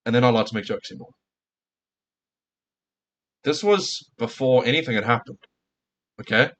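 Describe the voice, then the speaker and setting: A man's voice: mid-range voice, normal speed, a bit bright, muffled recording. A male streamer in a casual reaction rant, heated and profane, firing off rhetorical questions at his viewers.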